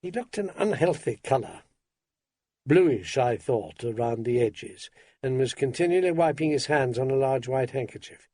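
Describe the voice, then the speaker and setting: A man's voice: mid-range voice, lively intonation, normal speed, warm tone, no room sound. A man narrating an audiobook in a dry, wry first-person manner.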